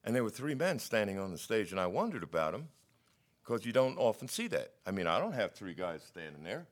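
A middle-aged man preaching a sermon, telling stories in a wry, skeptical, animated way. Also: fairly low pitch, fairly quick.

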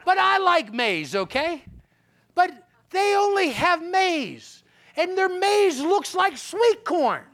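Male preacher, unhurried sermon delivery, animated storyteller turning to quiet earnest teaching. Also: very high voice. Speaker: pastor. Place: church sanctuary.

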